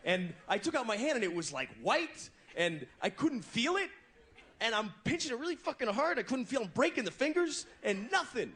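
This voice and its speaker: A young American comedian in his twenties, with a very high-pitched, sharp and very animated voice, speaks at a normal speed in a crude stand-up set. He tells stories in a conversational style with acted-out voices for a live comedy club crowd, captured in a noisy recording.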